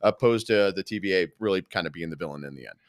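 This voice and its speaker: A man's voice: low-pitched, quick pace, no room sound, clean studio sound. A man co-hosting a podcast, chatting casually about movies in a rambling way, full of fillers. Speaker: podcast co-host. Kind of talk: casual chat.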